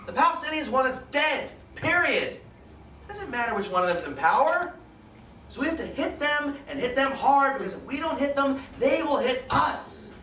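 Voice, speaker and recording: A man's voice: extremely high pitch, animated, normal speed, a little hiss or hum, exaggerated voice. A man playing a harsh, hateful army captain who barks orders and bullies, in a stage play reading. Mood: contemptuous. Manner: barking, bullying, shouting orders. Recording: echoey room, mic at a distance.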